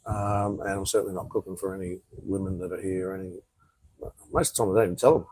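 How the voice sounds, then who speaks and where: Streaming live from an outdoor patio, a laid-back Australian vlogger rambles casually and reads viewers' comments aloud. He talks fast in a low, slightly mellow voice with fairly even intonation. The recording is rough, with slight background noise.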